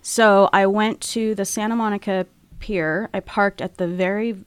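A woman guest candidly recounting a personal story in a frank, halting, emotional way, close to tears. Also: mid-range voice, steady tone, clear, resonant tone. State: tearful.

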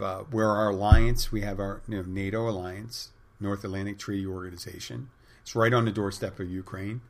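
A man's voice: on the low side, a bit bright. A man hosting a podcast, telling a rambling casual story with many fillers and restarts. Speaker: podcast host; bartender and spin instructor. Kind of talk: casual monologue.

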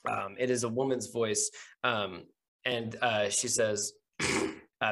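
A man narrating as game master in a tabletop game podcast, relaxed and hesitant, laughing often. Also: on the low side, slow, pauses often.

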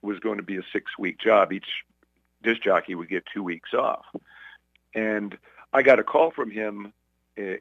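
A man in his seventies from Brooklyn, telling relaxed anecdotes about his career in an interview. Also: on the low side, dry recording, lo-fi sound. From Brooklyn, New York. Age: 70s. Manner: relaxed anecdotal storyteller, acts out quoted voices. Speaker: sportscaster guest. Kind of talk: casual interview storytelling.

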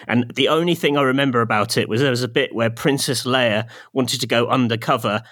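A man in easygoing conversation with friends, his voice bright and forward. He rambles through half-remembered stories, often breaking into laughter at himself. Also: medium pitch, fairly quick. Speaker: podcast co-host. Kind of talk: casual chat.

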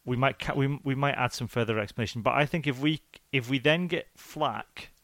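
A man hosting a podcast, talking in an animated, rambling, jokey way. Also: mid-range voice, fairly quick, no echo. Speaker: podcast host. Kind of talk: casual chat.

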